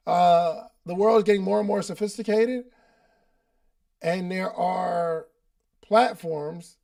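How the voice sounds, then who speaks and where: A man with a raised pitch and a heavy gravelly fry runs a live coaching call. His talk is loose and chatty. He uses slang and repeats lines to drive a point home. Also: a little mellow. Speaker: podcast host and business coach. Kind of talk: casual coaching talk at a live online meeting.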